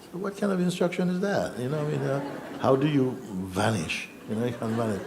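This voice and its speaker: A middle-aged man, a spiritual teacher, relaxed and chuckling as he tells his story to a gathering and acts out the voices in it. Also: mid-range voice, brisk, creaky, noisy background. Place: yoga festival gathering.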